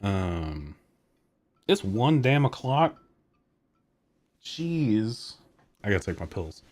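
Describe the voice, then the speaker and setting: Low-voiced rambling man streamer. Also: big pitch swings, drawn-out words, darkish tone. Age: 30s. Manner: rambling, laid-back, swears, self-deprecating. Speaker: live streamer. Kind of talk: casual live stream chat.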